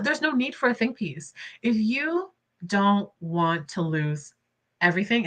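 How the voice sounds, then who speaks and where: Bright-voiced young woman, livestream commentary. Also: medium pitch. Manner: expressive, laughs often, indignant asides. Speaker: commentary channel host.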